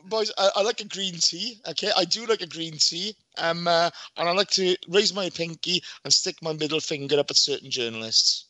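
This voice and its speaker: A man's voice: fairly high pitch, moderate pace, hardly any pauses, sharp tone, no room sound. A man, a podcast guest, joking and teasing in casual chat. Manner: playful, teasing, laughs often.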